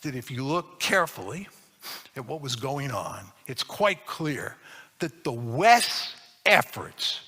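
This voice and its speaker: A man's voice: on the high side, pushed and bright, in a large hall. A man giving a public lecture, arguing his points emphatically and repeating key phrases for stress.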